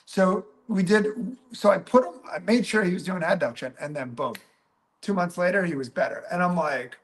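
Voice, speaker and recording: A man's voice: high-pitched, moderate pace. A man, a physical therapist, teaching through a patient story, often checking in with "right?" and "okay?" and acting out what he said back then. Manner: animated, peppers talk with "right?" and "okay?"; acts out his own past remarks. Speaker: physical therapist and clinic coach.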